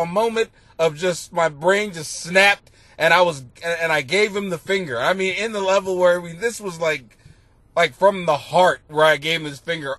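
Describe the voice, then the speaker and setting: A comedian hosting a podcast tells a rambling, profane story in a high-pitched, sharp voice, laughing at himself as he goes. There's no echo on the recording.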